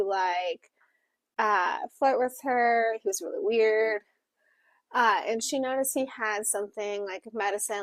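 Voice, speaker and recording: Slow-talking woman retelling a plot. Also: medium pitch, no echo. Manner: animated retelling with acted-out quotes, frequent fillers. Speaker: book club co-host voicing for a Deaf co-host. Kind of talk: casual book club plot summary.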